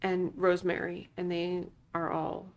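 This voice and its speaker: Female podcast co-host, slightly low voice, emphatic and chatty while recapping a film. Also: monotone, unhurried, a little mellow. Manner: emphatic, agreeing and filling in plot details. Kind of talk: casual movie recap chat.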